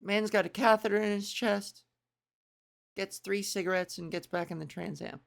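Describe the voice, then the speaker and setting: A woman's voice: medium pitch, steady tone, normal speed, creaky. A woman in a casual reaction commentary, chatty and self-mocking, swearing now and then while she reads aloud and reacts. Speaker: video creator.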